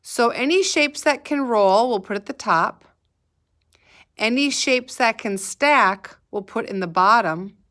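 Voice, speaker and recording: Slow, patient kindergarten teacher woman. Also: on the high side, lively intonation, fairly bright tone. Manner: slow, patient, sing-song prompting for children to repeat. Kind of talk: recorded remote lesson.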